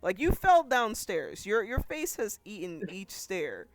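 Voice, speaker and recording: A man's voice: sits high, wildly swooping pitch, a little slow, no room sound. A man narrating as game master of a tabletop role-playing game in a loose, chatty way. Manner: loose, conversational narration with fillers.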